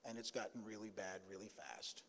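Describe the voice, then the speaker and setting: A male pastor telling a personal story during a sermon, in a folksy, conversational way with pauses and asides. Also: fairly low pitch, fairly bright tone, long reverb tail, a little hiss or hum. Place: church sanctuary.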